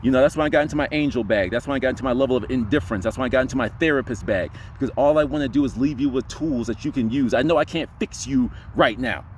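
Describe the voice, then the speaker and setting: A man's voice: medium pitch, quick pace, hardly any pauses, slight background noise. A young man telling a personal story in a casual vlog, rambling with lots of fillers. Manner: rambling, heavy on fillers like "you know". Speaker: spiritual vlogger.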